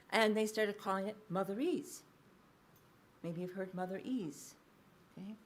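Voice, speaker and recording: A woman's voice: medium pitch, normal speed. A woman researcher giving a public lecture in a library space. She talks conversationally, with frequent fillers, restarts and "okay?" check-ins. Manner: restarts and self-corrections mid-sentence.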